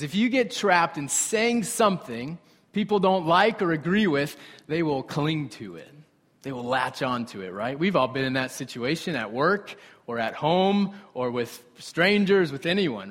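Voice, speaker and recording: Young man, preacher, high voice, animated storytelling, reverberant church hall. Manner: animated storytelling, conversational asides to the congregation. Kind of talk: sermon. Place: church sanctuary.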